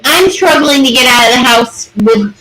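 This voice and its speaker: Animated woman telling a wild story. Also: high-pitched, normal speed. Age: 40s. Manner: animated, swearing, acts out voices in her stories. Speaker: podcast co-host. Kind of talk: casual storytelling chat. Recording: noisy room.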